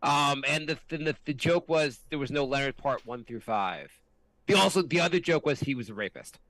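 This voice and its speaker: Rambling podcast co-host. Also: male voice, medium pitch, animated, a little fast, fairly bright tone, no room sound. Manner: rambling, hesitant, lots of ums. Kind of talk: casual comedy podcast chat.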